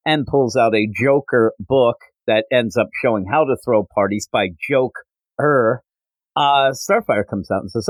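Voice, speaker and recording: A man hosting a podcast, casually recapping a comic book issue in an animated way with frequent fillers. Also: mid-range voice, measured pace, dry recording, low-quality recording. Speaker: podcast host.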